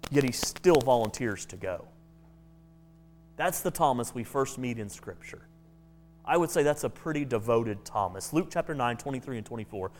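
A man's voice: mid-range voice, expressive, moderate pace. A man preaching a sermon in a conversational way, often restarting his words.

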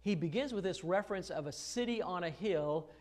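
A man's voice: sits high, lively intonation, brisk, darkish tone. A man preaching an expository sermon in a conversational way, with many fillers and restarts, pressing hard on key phrases. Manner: rises to emphatic stress on key phrases. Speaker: pastor.

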